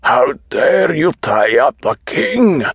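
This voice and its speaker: A man voicing a delusional older man who calls himself a king, speaking in slow, emphatic, agitated pronouncements. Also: low-pitched, fairly bright tone, breathy edge, no room sound, studio quality, full character voice. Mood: fervent.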